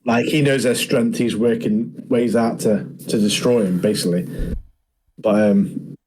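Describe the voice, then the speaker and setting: A man co-hosting a podcast, relaxed and agreeable, often ending with tag questions. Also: on the low side, a little slow, crowd noise, rough recording. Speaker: podcast co-host. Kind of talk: casual chat.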